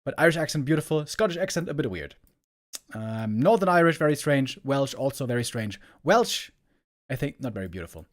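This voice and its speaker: Animated and a little fast, this medium-pitched German caster chats with his esports stream viewers in American-leaning English. He rambles and repeats words as he searches for what to say.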